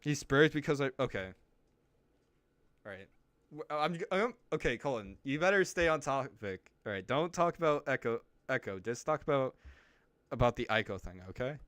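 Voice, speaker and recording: Smooth-voiced man hosting a chat. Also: mid-range voice, expressive, normal speed, a bit bright, dry recording. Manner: teasing, stammering, laughs often. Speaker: streamer host. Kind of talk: casual voice-chat banter.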